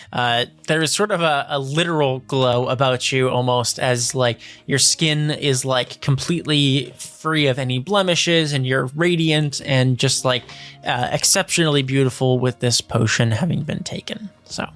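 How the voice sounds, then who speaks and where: A man's voice: medium pitch, steady tone, a little slow, fairly bright tone, soft background music. A man narrating scenes as game master of a tabletop role-playing game, describing at length with many fillers.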